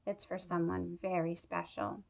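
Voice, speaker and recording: A woman reading a picture book aloud to children, teacherly and pausing to ask them questions. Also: lowish voice, level tone, vocal fry, a little hiss or hum. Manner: teacherly, asks the listeners questions. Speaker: storybook reader.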